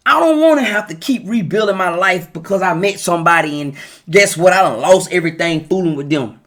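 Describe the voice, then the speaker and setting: A man with a fairly high voice delivers a relationship talk straight to his viewers. His manner is emphatic and preachy, and he repeats key lines to drive them home. He sounds middle-aged and talks in a loose, casual way. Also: animated, fairly quick, a bit bright. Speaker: live video host giving relationship advice.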